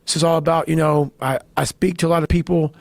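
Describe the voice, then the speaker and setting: A middle-aged man giving a blunt, profane motivational talk, swinging between low growls and shouted bursts. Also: steady tone, fast, vocal fry, dry recording. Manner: blunt, swearing constantly, fired-up. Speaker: motivational speaker. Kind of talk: intense profane monologue.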